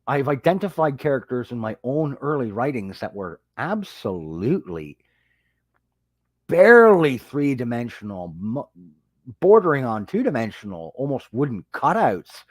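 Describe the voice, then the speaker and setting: A man hosting a casual livestream, telling a story in a lively way and greeting viewers as they join. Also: moderate pace, dry recording. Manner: animated storytelling, jumps high when quoting people. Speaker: livestream host and fantasy author. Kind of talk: casual rambling livestream chat.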